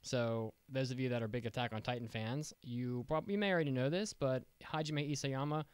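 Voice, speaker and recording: A man's voice: medium pitch, brisk, smooth, no room sound. A man hosting a casual podcast, upbeat and joking, rambling with restarts. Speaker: podcast host.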